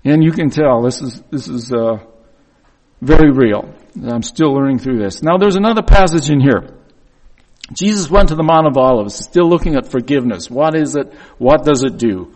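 A man's voice: mid-range voice, animated, moderate pace, darkish tone, low-quality recording. A man preaching a reflective, confessional sermon, reading scripture and acting out the voices in it.

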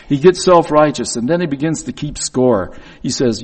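A man's voice: mid-range voice, normal speed, darkish tone, low-quality recording. A man preaching a reflective, confessional sermon, reading scripture and acting out the voices in it.

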